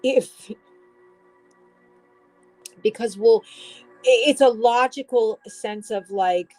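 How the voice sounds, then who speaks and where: A woman's voice: a little high, slow, darkish tone, faint music behind, poor audio. A woman giving a casual tarot reading, rambling and restarting, swearing now and then. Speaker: tarot reader.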